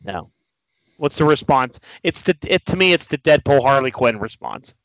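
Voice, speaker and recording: A man hosting a casual chat about movies, talking in an animated way and swearing freely. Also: mid-range voice, moderate pace, no echo. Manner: animated, swearing, quotes movie lines in mock voices. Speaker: podcast host. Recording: dull lo-fi sound, dry.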